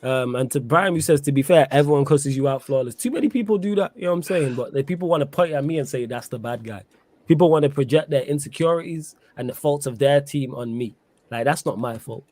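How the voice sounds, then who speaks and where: A man's voice: a little high, fast, darkish tone, no echo. A man hosting a casual football talk stream, slangy and teasing, laughing often as he reads the chat. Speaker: podcast host reading live chat.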